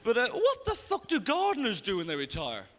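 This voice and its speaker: A young man from Ireland, doing a stand-up comedy routine live on a theatre stage, tossing in deadpan asides and quick voices of other people. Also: extremely high pitch, slight background noise. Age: young adult. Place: large theatre stage with audience. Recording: live theatre recording with long reverb and faint ambience.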